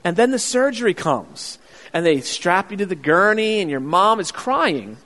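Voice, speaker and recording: A man preaching a sermon as pastor, telling a childhood story with acted-out voices and loud excited bursts. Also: high voice, normal speed, long reverb tail. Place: church sanctuary.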